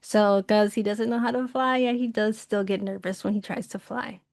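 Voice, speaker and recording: A woman's voice: medium pitch, fairly even intonation, normal speed, vocal fry, a little mellow, no echo, studio quality. A woman teaching an online art workshop in a chatty, upbeat way, laughing often and using many fillers. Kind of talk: casual online workshop lesson.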